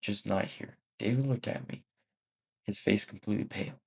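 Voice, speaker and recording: A man reads a first-person story aloud in a plain, steady way, stumbling now and then. His voice sits low and has a gravelly edge. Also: moderate pace, low-quality recording. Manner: plain first-person reading with small slips. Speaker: story narrator.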